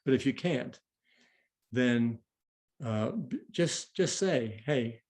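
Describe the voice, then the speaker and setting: Guy coaching couples, gravelly voice, relaxed chatty tips. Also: mid-range voice, slow, long pauses. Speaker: relationship coach. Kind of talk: teaching a couples workshop talk.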